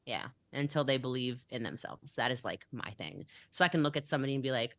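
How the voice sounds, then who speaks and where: A woman's voice: rumbling low, lively intonation, quick pace, creaky, few pauses, fairly bright tone, no room sound. A young adult woman talking as a business coach in a motivational podcast interview, emphatic and acting out the conversations she quotes.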